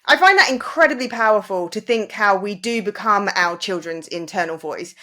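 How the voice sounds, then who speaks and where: Woman, podcast host, middle pitch, reflective, affirming, casual chat. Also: moderate pace, pushed and bright.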